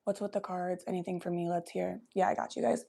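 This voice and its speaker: A young woman hosting a casual livestream from her room at home, talking loosely, high and coughing from smoke. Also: steady tone, fast talker, gravelly, dark tone. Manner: loose, chatty, often coughing between lines. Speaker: livestream host. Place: home bedroom.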